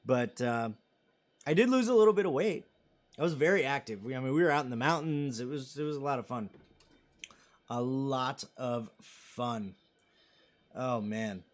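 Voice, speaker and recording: Rambling, slightly high-voiced male streamer. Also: lively intonation, fast. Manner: rambling and chatty, reads out viewer comments; self-deprecating and joking. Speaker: live stream host. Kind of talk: casual live stream chat.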